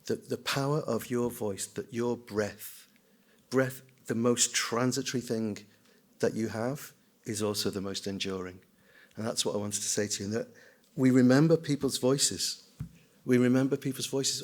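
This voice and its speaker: Older man, screenwriter, conference talk, anecdotal, self-deprecating, mimics voices. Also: mid-range voice. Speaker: screenwriter and children's writer giving a conference talk. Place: conference hall.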